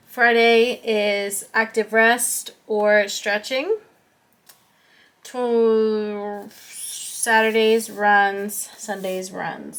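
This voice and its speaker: A woman's voice: mid-range voice, a bit bright. A young woman vlogger chatting casually and rambling about her running plans, with filler words. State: out of breath after running. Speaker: fitness vlogger. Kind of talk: casual vlog chat.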